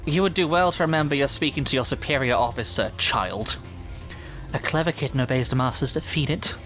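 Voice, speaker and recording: A man's voice: medium pitch, brisk, a bit bright, soft background music, natural voice. A man with a Manchester accent voicing a haughty, elegant female villain officer in a game, reading in a condescending, silky tone. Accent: Mancunian.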